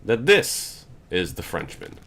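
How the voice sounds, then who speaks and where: A young male streamer talks through a puzzle game, thinking aloud and muttering to himself. His voice sits on the lower side but moves through a lively, wide range. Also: takes it slowly, gravelly. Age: young adult. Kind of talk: casual gameplay commentary.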